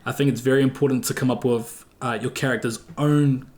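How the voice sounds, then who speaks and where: A young man with a New Zealand accent, relaxed and casual, chatting as a podcast guest. His voice sits at an ordinary middle pitch. He rambles easily, loose with fillers and slang. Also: brisk. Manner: laid-back, full of fillers and slang. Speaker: guest streamer.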